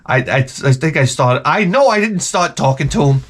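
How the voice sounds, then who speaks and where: A middle-aged man rants to his viewers in a sarcastic, profane way, his voice sitting a bit high and swinging widely in pitch as he tells his stories. He often jumps up into mocking higher tones and then drops low and quiet. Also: moderate pace, slightly rough. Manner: profane, sarcastic, animated storytelling. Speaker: vlogger. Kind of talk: casual rant to camera. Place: home.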